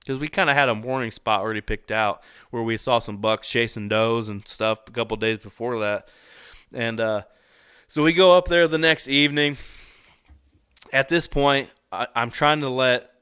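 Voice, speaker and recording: Telling a story as a podcast guest, the young man is lively, quick to laugh, and occasionally swears. His medium-pitched voice comes across bright, forceful, smooth and clean. Recorded on a close mic, it's dry with no room sound at all.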